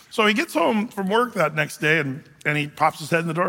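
A man's voice: a little high, animated, brisk, hardly any pauses, bright, forceful tone, long reverb tail. A man preaching a sermon as pastor, telling stories in a chatty way with many fillers and restarts.

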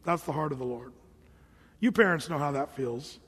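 A man with a high voice preaches to his church in a casual, conversational way. He keeps slipping into the voices of the people he quotes. His words ring out with the long reverb of a large hall. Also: normal speed, fairly bright tone, breathy edge. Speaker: pastor. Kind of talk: sermon.

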